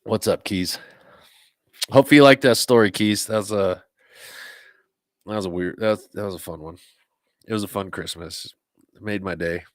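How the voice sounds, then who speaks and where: A man's voice: lowish voice, moderate pace, long pauses, no echo, studio quality. A man hosting a podcast, telling stories in a rambling, profane, casual way. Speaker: podcast host. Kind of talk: casual chat.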